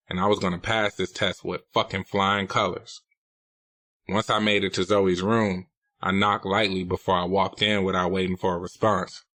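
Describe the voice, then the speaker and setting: A man's voice: sits low, fairly bright tone, no echo. A man narrating a novel in the first person, in a blunt, profane, streetwise manner. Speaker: audiobook narrator.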